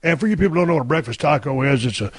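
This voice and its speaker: A man hosting a podcast, telling a story casually, loud and profane, mocking himself. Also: on the high side, animated, very fast. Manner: loud, swearing, self-mocking. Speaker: podcast host. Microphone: close podcast microphone.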